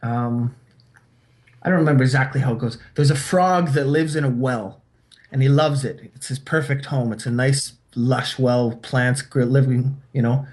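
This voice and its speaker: A man's voice: medium pitch, fairly even intonation, moderate pace, a little mellow. A man hosting a podcast, talking in a rambling, philosophical way and retelling fables to make his point. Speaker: podcast host. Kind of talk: casual chat.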